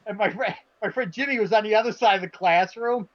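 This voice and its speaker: High-voiced man telling a story. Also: fast. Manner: animated, acts out quotes, swears. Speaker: podcast co-host. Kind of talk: casual storytelling chat. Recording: dull lo-fi stream audio.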